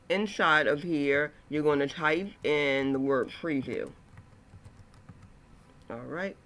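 A man instructing a screen-recorded software tutorial, talking through each click step by step with frequent okays and ums. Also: fairly high pitch.

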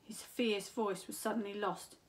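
A woman, a school teacher, reading a children's story aloud in an expressive, unhurried way. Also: mid-range voice, slight background noise.

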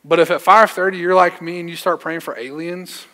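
Young man, youth pastor, casual slangy sermon storytelling, slightly high voice, church hall reverb. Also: steady tone, brisk, bright, forceful tone. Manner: casual storytelling, slangy, self-deprecating humor. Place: church sanctuary.

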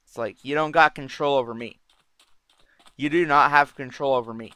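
A man's voice: medium pitch, normal speed, sharp tone, clear, resonant tone, no room sound. Brash, profane man gaming. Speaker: gaming channel host. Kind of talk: casual gameplay commentary.

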